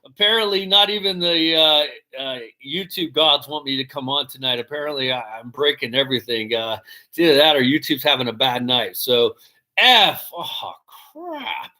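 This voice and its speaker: A man's voice: a little high, expressive, normal speed, bright, forceful tone. A man hosting a live podcast stream, rambling casually, swearing and reading out chat comments. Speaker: podcast host.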